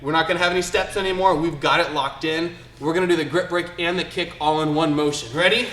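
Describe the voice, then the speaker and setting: A man's voice: sits high, lively intonation, quick pace, a bit bright. A man teaching a live online karate class for kids, upbeat and encouraging as he calls out counts and commands, filmed in a martial arts studio by a camera a few steps away. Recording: roomy studio echo.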